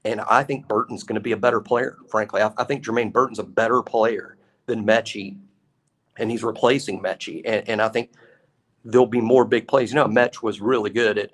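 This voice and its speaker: Man, lowish voice, casual sports talk co-host, emphatic, repeats himself. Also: fairly quick. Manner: animated, emphatic repetition.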